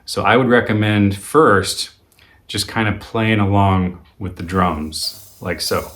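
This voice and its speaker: A man teaching a guitar lesson in a relaxed, conversational way, with frequent ums and uhs. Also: lowish voice, slow. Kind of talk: video lesson.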